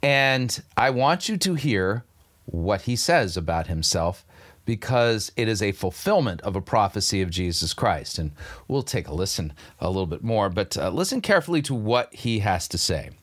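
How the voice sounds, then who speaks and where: A man's voice: on the low side, big pitch swings, moderate pace, fairly bright tone. An older man hosting a commentary show, talking through clips with sardonic, incredulous critique. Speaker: show host.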